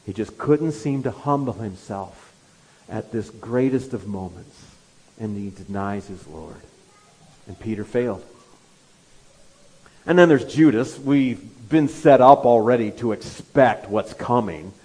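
A man's voice: lowish voice, lively intonation, a little slow, darkish tone, husky, low-quality recording. A man preaching an expository sermon, telling the story with animation and acting out the quoted lines.

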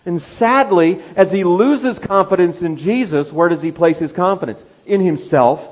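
A man's voice: on the high side, lively intonation, normal speed, hardly any pauses, rough recording. A man preaching an expository sermon, telling the story with animation and acting out the quoted lines.

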